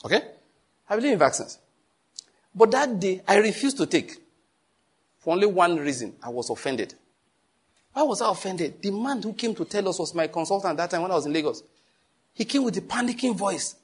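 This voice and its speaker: A man's voice: high voice, sing-song, brisk, pauses often, husky. A man preaching a sermon as pastor, emphatic, repeating phrases and acting out stories.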